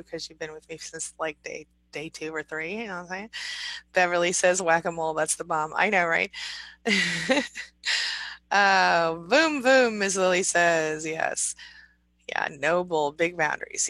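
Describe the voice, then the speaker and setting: A woman's voice: deep voice, bright, forceful tone, no echo, poor audio. A woman hosting a casual livestream, reading viewer comments aloud and answering them in a chatty, encouraging way. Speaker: livestream host reading chat.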